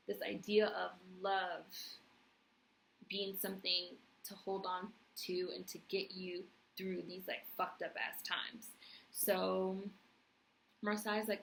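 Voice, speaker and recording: A woman's voice: mid-range voice, fairly bright tone, a little hiss or hum, low-quality recording. A young woman recapping a TV series on her vlog, passionate and blunt, swearing freely. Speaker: TV review vlogger. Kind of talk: casual recap and commentary.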